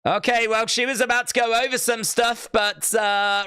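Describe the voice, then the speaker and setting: A man's voice: extremely high pitch, flat delivery, moderate pace, sharp tone, clean tone, faint music behind. A man hosting a live watch-along stream, chatting casually and joking as he reacts to what he sees.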